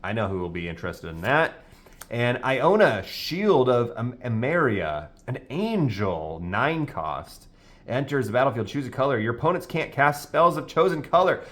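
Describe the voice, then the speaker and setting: A man in casual chat, reading card names slowly with frequent "uh"s and hesitations. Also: mid-range voice, sing-song, fairly bright tone. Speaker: co-host opening card packs.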